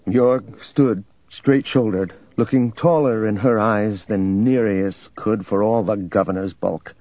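A man narrating an audiobook in a steady, measured reading. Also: lowish voice, no echo, muffled recording. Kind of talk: scripted narration.

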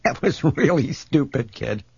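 A man voicing a brash, roguish starship captain who teases his young friend in a gruff tone, in a storybook reading. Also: mid-range voice, lively intonation, measured pace, a little mellow, no echo, lo-fi sound, voice pushed up, exaggerated voice. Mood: wry.

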